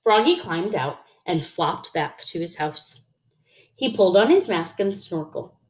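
A woman's voice: fairly low pitch, lively intonation, unhurried. A woman reading a children's picture book aloud, expressively, with sound effects. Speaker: storyteller.

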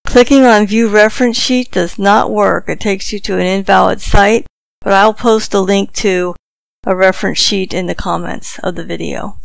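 A woman presenting a software tutorial, dictating voice commands in a clipped, deliberate way into a headset microphone. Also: medium pitch, steady tone, vocal fry, no room sound, low-quality recording.

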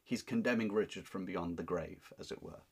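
A man's voice: sits low, brisk, vocal fry, a little mellow, breathy edge. A man teaching a lesson, explaining a play line by line in an emphatic, paraphrasing way. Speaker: literature teacher.

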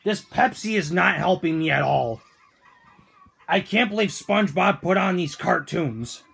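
A man doing grumpy whiny Toad, very high voice, gravelly husky edge, lively ranting questions. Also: unhurried, heavily acted. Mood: annoyed. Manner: whiny, ranting, keeps asking indignant questions. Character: grumpy male Toad complaining on the couch. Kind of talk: fan-made cartoon voice acting.

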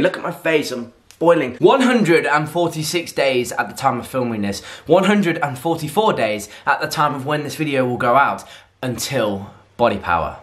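Indoors at home, a young man chats casually for his fitness vlog, gushing and excitable. His voice is a bit higher than most men's, and he rattles along eagerly, though at an unhurried pace.

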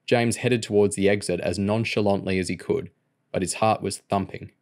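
Low-voiced man reading an audiobook. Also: fairly even intonation, moderate pace, darkish tone. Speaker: audiobook reader. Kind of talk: audiobook narration.

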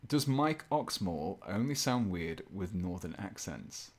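A very low-pitched man talks into a desk microphone as he paints on a live stream. He thinks aloud in a loose, rambling way. He keeps teasing himself in a playful tone. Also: lively intonation, measured pace. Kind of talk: casual live-stream chat.

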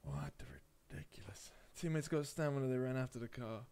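A man's voice: mid-range voice, sing-song, fast, a little mellow, smooth. A man casually commentating his own game play on a live stream, chatting with viewers and calling them mate. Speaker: gaming streamer.

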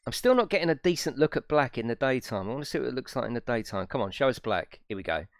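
Chatty streamer, lively voice. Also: male voice, mid-range voice, fast talker, dry recording, clean studio sound. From United Kingdom. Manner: chatty, swears freely, laughs often, reads chat aloud. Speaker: gaming streamer. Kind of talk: casual live-stream chat.

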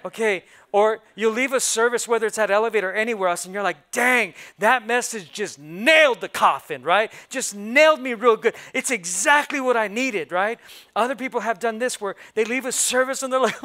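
A man preaching a sermon in a church, playful and animated, acting out how churchgoers react. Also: extremely high pitch, normal speed. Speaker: pastor. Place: church sanctuary.

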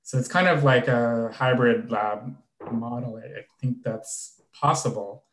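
A man's voice: mid-range voice, a little slow, a bit bright. Man on a call in an echoey room. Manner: tentative, thinking aloud. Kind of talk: online staff meeting discussion. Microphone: video call. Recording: roomy echo.

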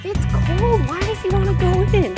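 Very high-voiced woman cooing at dogs. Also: normal speed, over loud music. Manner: coos at the dogs. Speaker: friend of the host. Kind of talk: casual chat.

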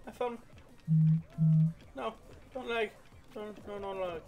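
A man's voice: high voice, fairly even intonation, slow, creaky, faint music behind. A young man giving playful, casual commentary over a game he is playing, singing along and slipping into goofy voices. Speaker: gaming streamer.

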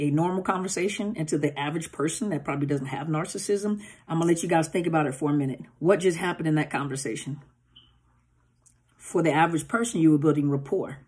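Husky-voiced woman coaching in casual talk. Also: deep voice, a little mellow. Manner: conversational, acts out dialogue with filler-heavy asides. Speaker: coach on narcissistic abuse.

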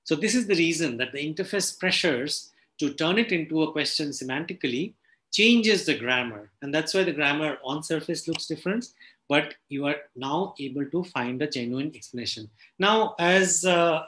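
A middle-aged man giving an academic linguistics lecture, halting speech with frequent fillers and restarts. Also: a little high, sharp tone. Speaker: linguistics professor giving a talk.

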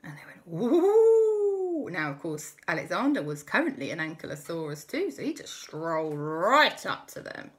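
A woman narrates a make-believe adventure for young listeners, keeping it playful and lively. Her voice sits a little low, but it swoops around a great deal. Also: moderate pace, few pauses. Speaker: storyteller host. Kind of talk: improvised children's story narration.

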